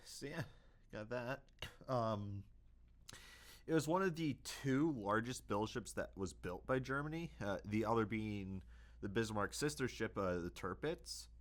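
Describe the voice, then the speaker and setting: A man's voice: lowish voice, lively intonation, a little slow. A young man hosting a casual history video, hesitant, with many fillers and self-corrections.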